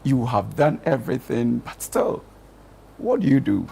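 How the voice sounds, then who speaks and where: Male guest, deep rasp, counselling tone, storytelling, lively intonation. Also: a little slow. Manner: earnest, storytelling, gently counselling. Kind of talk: advice on a studio talk show.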